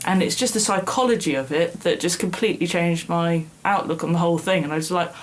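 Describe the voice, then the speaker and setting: A woman's voice: lowish voice, brisk, hardly any pauses. A young woman co-hosting a podcast, chatting casually with a self-mocking, laughing manner. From northern England. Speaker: podcast co-host. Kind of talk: casual chat.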